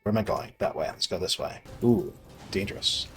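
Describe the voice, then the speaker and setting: A young man casually rambling and swearing as he plays a video game, sarcastic and quick to laugh at himself. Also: sits low, faint music behind. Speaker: gaming video creator. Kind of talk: casual rambling commentary while playing.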